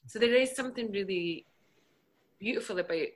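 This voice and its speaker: A woman's voice: mid-range voice, brisk. A woman chatting thoughtfully in a casual interview over a video call, laughing easily. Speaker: guest actress.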